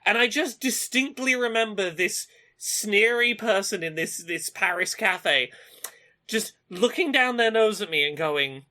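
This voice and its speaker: An upbeat podcast co-host with a bright, ringing voice that swoops up and down a lot. They tell stories with plenty of energy and break into laughter often. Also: medium pitch. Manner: animated storytelling, quick to laugh. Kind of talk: casual chat.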